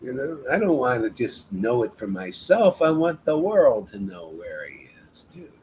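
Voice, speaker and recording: A man's voice: medium pitch, very animated, normal speed, darkish tone, slight background noise, rough recording. A man leading a devotional meetup, giving an informal spiritual talk in an emphatic, exhorting way and often addressing listeners as "man".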